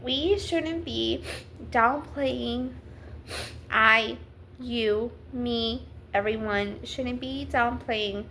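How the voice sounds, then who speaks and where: A woman's voice: on the high side, fairly bright tone, slight background noise. A woman giving a casual Bible talk in a chatty, rambling, earnest way. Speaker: Bible teacher.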